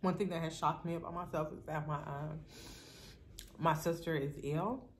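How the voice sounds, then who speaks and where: Blunt low-voiced woman vlogger. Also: steady tone, normal speed, slight background noise. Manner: blunt, straightforward, talks to viewers as y'all. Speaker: mukbang vlogger. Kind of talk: casual chat while eating.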